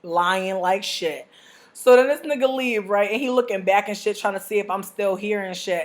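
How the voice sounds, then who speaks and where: Young woman, storytime rant, brash, profane, animated delivery. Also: medium pitch, moderate pace. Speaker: vlogger.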